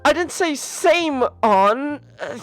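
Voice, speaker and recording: A woman's voice: sits high, very animated, normal speed, a bit bright, no room sound. A woman co-hosting a podcast in casual chat, flustered and defensive, stumbling over many restarts. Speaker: podcast co-host.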